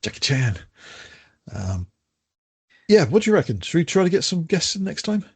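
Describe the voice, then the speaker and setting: A man's voice: high voice, big pitch swings, brisk, gravelly, slightly rough. An older man co-hosting a podcast, chatting casually and jokingly, with lots of restarts and laughs. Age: older adult. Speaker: podcast co-host.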